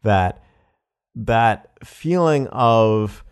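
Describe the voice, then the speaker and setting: A man talks through a speech clip in a loose, conversational way. His voice sits a little low. He restarts his sentences and fills the pauses as he explains. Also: animated, clear, resonant tone. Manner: conversational and admiring, with fillers and self-corrections. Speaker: speech commentator. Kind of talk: analytical commentary on a speech clip.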